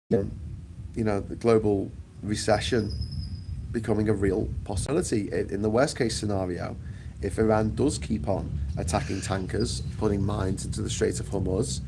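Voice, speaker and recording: A British man holds forth in a casual opinion rant, his voice carrying a gravelly rasp. He is blunt and profane, and drops sarcastic asides as he goes. He records outdoors on a sunny island, with a faint hum of ambient noise behind him. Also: on the low side. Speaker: vlogger.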